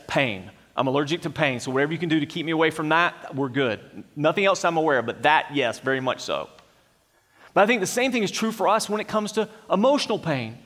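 A man's voice: fairly high pitch, a bit bright, big-room sound. A man preaching a sermon, earnest and emphatic, asking rhetorical questions of his congregation. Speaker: pastor.

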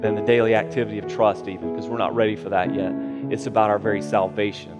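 A man's voice: fairly low pitch, little pitch movement, quick pace, big-room sound, loud music behind the voice. A man preaching a sermon as pastor, earnest and emphatic, repeating phrases for weight. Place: church sanctuary.

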